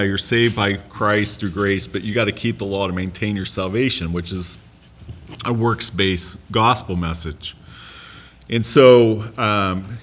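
A man's voice: on the low side, fairly bright tone, a little hiss or hum. An American man leading a Bible study class in a conversational way, asking the group questions and making light asides. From United States.

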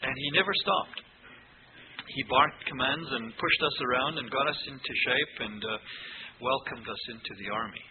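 A man's voice: medium pitch, fairly even intonation, moderate pace. A South African man, an ordained minister, telling his personal testimony in a storytelling way with dry sarcasm. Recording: tinny phone-like recording with background noise.

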